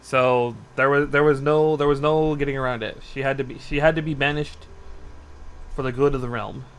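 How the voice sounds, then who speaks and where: A man's voice: mid-range voice, fairly even intonation, normal speed, smooth. A man streaming casually from his home desk, rambling and teasing his cat while he chats. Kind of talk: casual live-stream chat.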